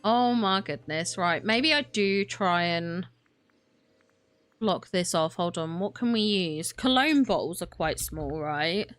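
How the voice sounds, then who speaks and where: Lowish and a bit bright, with lively intonation, a young woman slowly talks herself through a game on stream, flustered and chatty with plenty of laughs and exclamations. There's no room sound, just faint music behind her.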